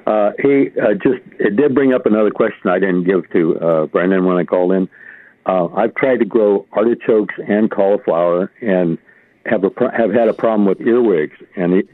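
A man's voice: fairly low pitch, moderate pace, no echo. A man calling in to a radio gardening show, asking questions hesitantly with many fillers. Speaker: caller. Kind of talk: call-in question. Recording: tinny phone line.

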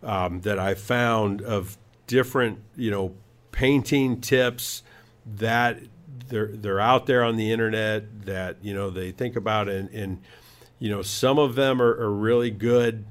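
A man's voice: lowish voice, measured pace. A man hosting a home improvement talk show, giving tips in a casual, rambling way with many fillers and restarts. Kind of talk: casual radio-style talk.

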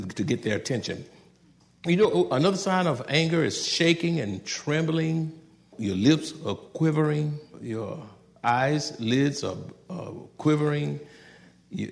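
A man preaching a sermon in a folksy, conversational way, swinging from loud outbursts to soft asides and laughing at his own jokes. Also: on the high side, vocal fry, big-room sound. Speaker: pastor.

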